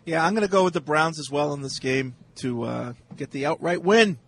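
A man's voice: on the high side, a little fast, fairly bright tone. A man on a sports talk panel who agrees readily with the others and gives his picks in a casual way. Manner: agreeable, frequent short affirmations.

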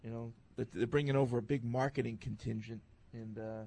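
A man's voice: mid-range voice, fairly even intonation, fairly quick, warm tone. A man hosting a sports talk show, chatting casually in a studio with many fillers.

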